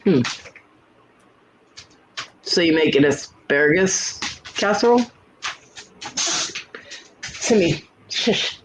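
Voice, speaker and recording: A man's voice: on the high side, animated, takes it slowly, long pauses, a bit bright, slight background noise, rough recording. Blunt, cussing man telling home stories. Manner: blunt, profane storytelling. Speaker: livestream host. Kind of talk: casual chat.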